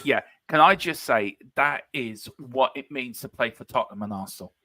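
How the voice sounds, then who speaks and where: Speaking at normal speed in a mid-range voice, this man appears on a live football watchalong as a fan-channel guest. He jokes animatedly with the host and slips into silly voices, with no room sound on the recording.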